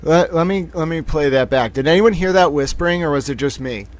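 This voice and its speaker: A man hosting a livestream, commenting excitedly and profanely on clips he plays back, often repeating himself. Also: on the high side, fairly quick. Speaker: livestream host. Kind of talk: casual commentary on played clips.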